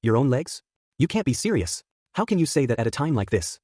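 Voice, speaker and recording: A man reads as a young girl, frightened but defiant, his voice lifted higher for her. The sound is dry and close. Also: big pitch swings, a little fast, a little mellow, no room sound.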